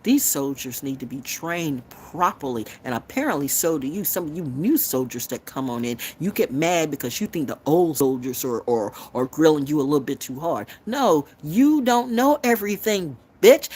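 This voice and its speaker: Woman, lowish voice, very animated pitch, profane, confrontational, preachy live rant. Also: normal speed, few pauses, husky. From North Carolina, US. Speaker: tarot livestream host.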